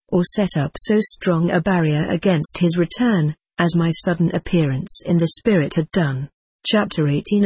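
A reader narrating an old-fashioned first-person novel in a measured way for an audiobook. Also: medium pitch, darkish tone, slightly rough, no echo. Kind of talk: audiobook reading.

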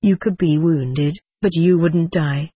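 A text-to-speech voice reading the lines of a calm female extraterrestrial teacher in an audiobook, with a flat, even synthetic delivery. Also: medium pitch, slow, husky, no room sound.

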